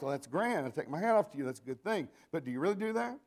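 A man's voice: a little high, sing-song, quick pace, a little mellow. Older man preaching a folksy sermon. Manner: folksy, conversational preaching with asides and restarts.

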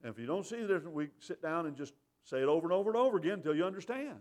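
A man's voice: a little high, lively intonation, very fast, a little mellow. A man gives an earnest communion talk to a congregation. He speaks plainly, reads scripture aloud and repeats his points so they sink in. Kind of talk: communion meditation.

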